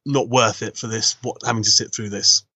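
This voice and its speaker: Bright-voiced man reviewing films. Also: lowish voice, brisk, husky, no room sound. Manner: relaxed, reads reviews aloud with hesitations. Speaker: co-host, film reviewer. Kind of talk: casual podcast chat.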